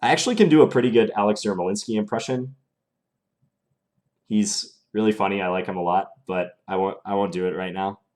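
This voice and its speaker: A young man streaming chess live, calmly thinking aloud through his moves in a casual, analytical way. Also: fairly low pitch, fairly quick.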